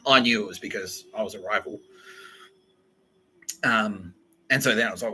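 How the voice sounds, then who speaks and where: Man, young, rambling comic monologue, profane, laughs a lot, sharp, low. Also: normal speed, pauses often, a little hiss or hum, rough recording. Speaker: podcast host. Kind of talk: casual comedic monologue.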